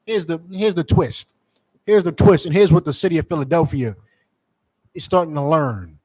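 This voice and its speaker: A man preaches with heat and scorn, in a voice pitched a touch high. He mocks his targets and calls for scripture readings like a street-corner teacher. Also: normal speed, darkish tone. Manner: heated, mocking, profane, calls for scripture readings. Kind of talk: fiery street-style preaching.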